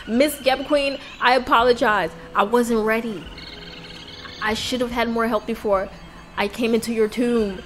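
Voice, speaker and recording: A woman giving excitable let's play commentary as host of a gaming channel, with loud outbursts and swearing. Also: on the high side, unhurried, soft background music.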